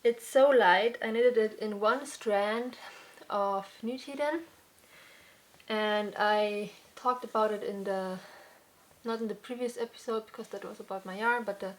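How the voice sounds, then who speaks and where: A young woman hosts her own crafting podcast and talks slowly and easily, stopping often with fillers and restarting her sentences. Her breath runs a little short now and then. Her pitch is about average for a woman. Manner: unhurried, with many fillers and restarts. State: slightly out of breath. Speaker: podcast host. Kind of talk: casual chat.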